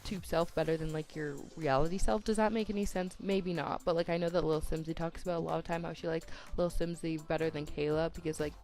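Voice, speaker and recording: Teen girl rambling into her desk mic, kinda low, bit of fry, voice cracks, soft background music. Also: steady tone, fast talker, hardly any pauses. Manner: chatty, self-deprecating, lots of "like", tongue-tied restarts. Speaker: YouTuber. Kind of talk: rambling voice-over chat during a speed build. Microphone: home desk microphone.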